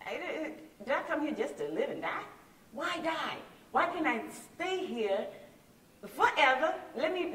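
A woman host giving a faith and health talk, preachy and coaching, with bursts of loud emphasis. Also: mid-range voice, reverberant, far from the mic, a little hiss or hum, poor audio.

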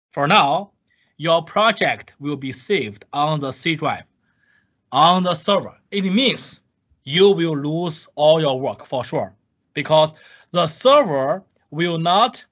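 A man's voice: fairly high pitch, animated, takes it slowly, bright, forceful tone. A man giving a recorded course lecture, repeating key points with emphasis and asking the class questions he then answers himself. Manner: repetitive, emphatic, asks and answers his own questions. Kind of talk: recorded screen-share lecture. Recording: dull lo-fi lecture capture.

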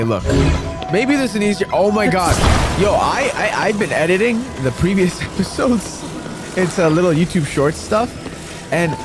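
A man giving casual, goofy let's-play commentary, mocking himself and talking to the game characters. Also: on the high side. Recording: game music behind voice.

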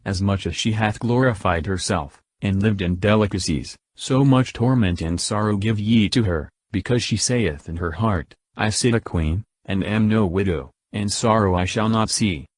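Male scripture reader, low voice, measured delivery, dry close recording. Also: no room sound. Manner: slow, measured recitation. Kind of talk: scripted Bible reading.

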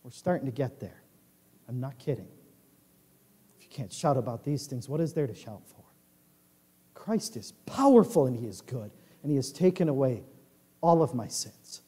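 A male pastor preaching a sermon in a church, swinging from quiet asides to loud declarations. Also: medium pitch, lively intonation, normal speed, pauses often, husky, big-room sound. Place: large church sanctuary.

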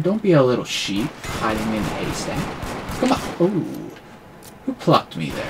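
Young man, gameplay commentary, mocking, excitable, animated pitch, game noise behind. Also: measured pace. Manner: trash-talking, excitable, mocking. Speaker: gaming commentator.

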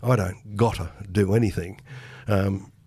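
A man putting on a gruff, imperious older male business tycoon who talks down curtly. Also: fairly low pitch, steady tone, a little slow, mellow, voice pushed down. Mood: commanding. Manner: curt, commanding, talks down.

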